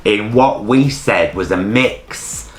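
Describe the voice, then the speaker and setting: Deep-voiced camp English man, chatty. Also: takes it slowly, roomy sound, faint music behind. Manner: camp, gushing, playful. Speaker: co-host reviewing a TV show. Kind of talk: casual chat.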